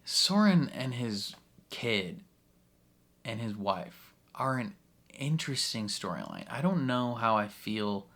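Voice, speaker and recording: A man's voice: medium pitch, wildly swooping pitch, slow, a bit bright. A young man casually recapping a show episode, chatty, laughing often and full of fillers. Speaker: reaction video host.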